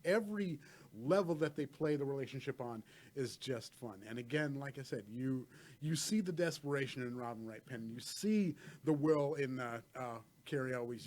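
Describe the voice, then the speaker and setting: A man's voice: fairly high pitch, a little mellow. A man with a slightly raised voice talks through a favorite film. His sentences wander and restart, with plenty of "you know" and "uh" along the way. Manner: rambling, many fillers and restarts. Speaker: podcast co-host. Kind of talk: casual film discussion.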